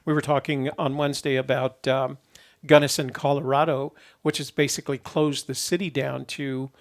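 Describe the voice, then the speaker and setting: A man's voice: medium pitch, flat delivery, moderate pace. A man hosting a call-in show, chatting easily with callers and rambling with lots of fillers. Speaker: host.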